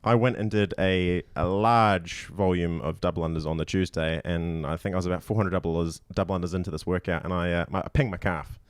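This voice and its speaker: Man, fairly low voice, dry close sound, emphatic teasing chat. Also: steady tone, brisk, hardly any pauses, smooth, no echo. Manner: teasing, emphatic, prone to restarts. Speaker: podcast co-host. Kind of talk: casual chat and leaderboard breakdown.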